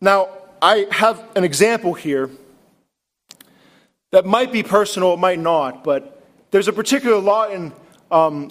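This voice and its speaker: Animated, high-pitched male preacher. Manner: animated preaching, rising to emphatic high pitch, frequent rhetorical questions. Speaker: pastor. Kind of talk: sermon.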